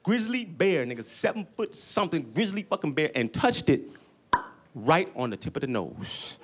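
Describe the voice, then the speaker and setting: Loud, animated stand-up comic. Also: male voice, on the high side, normal speed, breathy edge. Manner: loud, animated, profane, often shouting. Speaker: stand-up comedian. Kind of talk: stand-up comedy.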